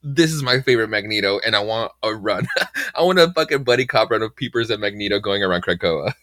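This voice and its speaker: A man co-hosting a comics podcast who talks with excitement and laughs a lot, often stopping and restarting his thoughts. His pitch swings widely, and the close mic gives a dry sound with no room. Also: fast, dry recording. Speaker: podcast co-host. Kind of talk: casual comic book chat.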